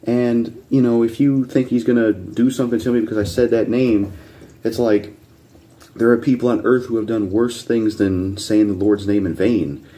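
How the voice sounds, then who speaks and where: This male reaction-video host has a warm, mid-range voice with a steady tone and moderate pace. Still, his rant is blunt and combative, full of heavy swearing as he keeps insisting on the same points.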